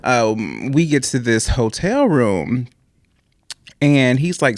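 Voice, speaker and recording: A man's voice: mid-range voice, very animated, takes it slowly, no echo. Young guy on a podcast, rambly storyteller, laughs a lot, dry close mic. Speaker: podcast guest. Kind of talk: casual storytelling chat.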